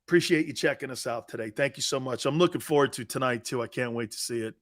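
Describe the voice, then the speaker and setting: A man in his fifties hosts a casual sports live stream, speaking fast in a mid-range voice. He's animated and bantering, laughing often as he reads viewer chat aloud.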